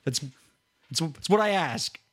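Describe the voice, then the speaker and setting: A man's voice: fairly high pitch, expressive, a little slow, fairly bright tone. A man co-hosting a podcast, chatting casually in an easygoing, self-deprecating way that trips and restarts while he thinks. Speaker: podcast co-host.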